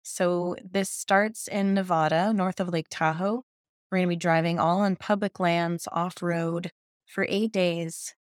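A woman's voice: lowish voice, steady tone, a little slow, clear, resonant tone, no echo, studio quality. A woman in her fifties, a journalist guest telling her story in a casual podcast chat, enthusiastic and laughing often. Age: 50s.

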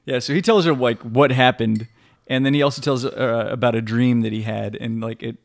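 A man co-hosting a film podcast, laughing often and chiming in with short agreements and quick voiced lines. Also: mid-range voice, fairly even intonation, vocal fry. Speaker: podcast co-host. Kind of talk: casual film-discussion chat.

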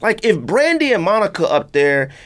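A man hosting a casual podcast, his voice sitting a little high and swinging widely in pitch. He talks loosely, repeats himself and acts out what other people said. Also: sing-song, moderate pace, a bit bright. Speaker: podcast host. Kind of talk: casual chat.

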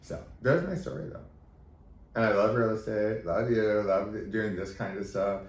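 A very deep-voiced man, a guest on a podcast, tells his story candidly and conversationally at normal speed. He is emotional and animated, acting out the quoted dialogue. Roomy echo and faint background noise fill the recording.

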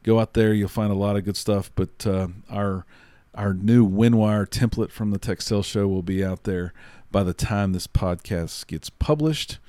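A man's voice: lowish voice, steady tone, normal speed, mellow, dry recording. A man co-hosting a podcast, giving punchy, motivational tips and repeating catchphrases. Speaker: podcast co-host. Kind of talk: casual podcast chat.

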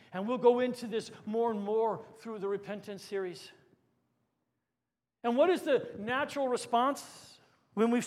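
A man, a pastor, preaching a sermon with swings between forceful lines and hushed, quiet emphasis. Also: high voice. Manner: dynamic preaching, dropping to hushed tones for emphasis.

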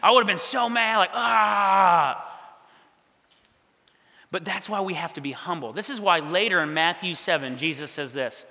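A male pastor telling a story in a sermon, animated, acting out quoted voices. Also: high voice, fairly quick, hardly any pauses. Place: church hall. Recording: long hall reverb.

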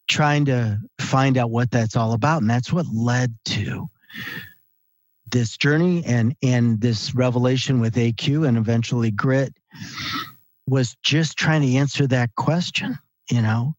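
A man's voice: medium pitch, unhurried, dry recording. A man in his late fifties, a guest author on an interview podcast, telling stories with animation and acting out the dialogue he quotes. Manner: animated storyteller who acts out quoted dialogue. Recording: slightly dull, dry sound.

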